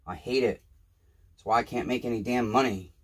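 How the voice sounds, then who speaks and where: A small-engine repairman, tired, frustrated and overwhelmed, mutters and swears as he works in a casual workshop vlog. He speaks briskly in a mid-range voice.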